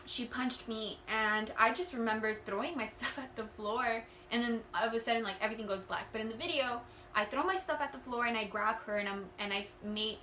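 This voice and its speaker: A young woman speaks with a bright, sharp, fairly high voice, telling her own story in an earnest, rambling way with many restarts. She is recorded in an echoey room with a faint hum of ambience behind her. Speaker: vlogger. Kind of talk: candid personal storytelling.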